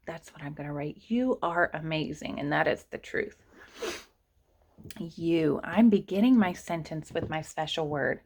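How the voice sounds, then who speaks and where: A woman teaching an online kindergarten writing lesson, patiently sounding out letters and words for young children. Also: on the low side.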